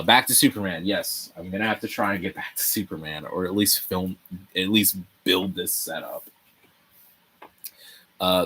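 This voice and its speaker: A man's voice: low voice, slightly rough. A young man hosting a casual livestream, rambling and swearing freely while he builds a set. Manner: animated, rambling, swears freely, laughs often. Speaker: livestream host. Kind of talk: casual livestream chat with viewers.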